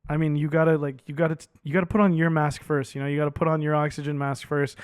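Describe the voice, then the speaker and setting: A man co-hosting a movie podcast, talking casually and excitedly, peppering his speech with "like" and the odd swear. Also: on the high side, fast talker, clean tone, no echo, studio quality. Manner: animated, heavy use of "like", swears casually. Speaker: podcast co-host.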